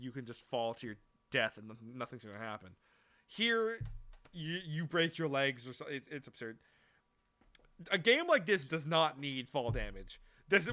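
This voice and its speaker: A young man with a mid-range, bright, forceful voice co-hosts a podcast. He chats casually, swears freely, and rambles, often restarting his sentences.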